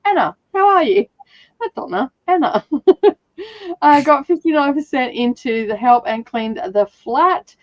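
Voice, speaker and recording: A woman's voice: sits high, animated, a little slow, dry recording, highs cut off. An Australian woman hosting a casual reading livestream, chatty and laughing often as she greets viewers. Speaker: reading sprint host.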